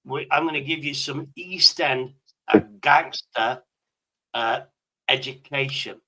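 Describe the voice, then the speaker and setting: A man's voice: medium pitch, takes it slowly, sharp tone, low-quality recording. A man hosting a stream in casual chat, crude, joking and rambling. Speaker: streamer host.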